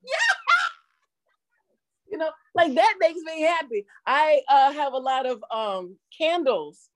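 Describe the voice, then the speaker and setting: A middle-aged woman, a YouTube comedian, answering interview questions in an animated way, laughing often and acting out quotes in different voices. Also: sits high, slow, no echo.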